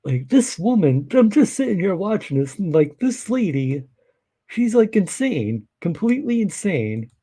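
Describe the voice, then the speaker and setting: A man's voice: high-pitched, sing-song, a little slow, mellow, slightly rough. A man hosting a live reaction stream, making wry, sarcastic remarks. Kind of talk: casual live reaction commentary.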